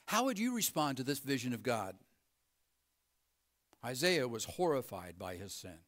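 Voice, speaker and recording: A man preaching a sermon as pastor, emphatic, moving between ringing emphasis and hushed, low passages. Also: big pitch swings, moderate pace.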